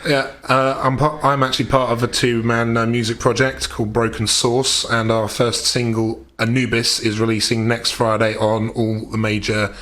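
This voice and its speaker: A man chatting as a podcast guest in a lively, talkative way. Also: medium pitch, moderate pace, hardly any pauses. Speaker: podcast guest, tabletop player. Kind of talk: casual podcast chat.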